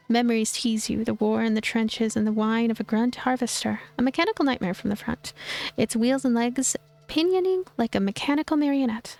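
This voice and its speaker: A woman's voice: on the high side, brisk, a little mellow. A woman streaming a story game, reading its text aloud with casual asides. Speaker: gaming streamer. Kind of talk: game playthrough with read-aloud narration.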